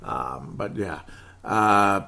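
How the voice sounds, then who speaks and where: A man in his thirties hosting a casual sports podcast, excitable and rambling, reading out listener comments. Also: sits low, extremely slow, creaky. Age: 30s. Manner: hyper, excitable, rambling with laughs. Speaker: podcast host.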